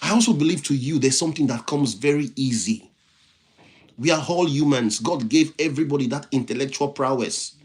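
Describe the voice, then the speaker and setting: This is a motivational speaker running a livestream: a man with a non-native English accent whose medium-pitched voice is brisk and somewhat dark. Preaching through repeated phrases, he reads comments from viewers and names each one as he thanks them.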